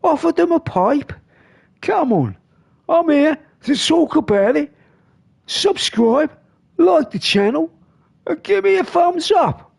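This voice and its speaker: A man's voice: extremely high pitch, big pitch swings, slow pace, gravelly, pauses often, pitched above the performer's own voice, heavily acted. A man putting on the voice of an earnest man giving a preachy pep talk, lecturing with rhetorical questions. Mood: mock earnest.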